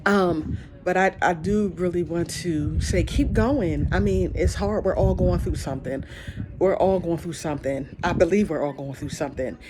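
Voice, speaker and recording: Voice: mid-range voice, moderate pace. A podcast host giving a casual, heartfelt encouraging monologue, rambling and repeating phrases, saying y'all. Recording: steady background noise.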